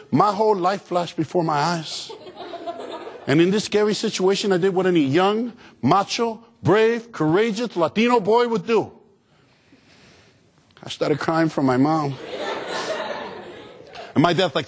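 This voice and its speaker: A man giving an energetic, humorous motivational speech to students, calling out to the crowd for answers. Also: high-pitched, moderate pace, slight background noise. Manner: animated, humorous, call-and-response with audience. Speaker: motivational speaker.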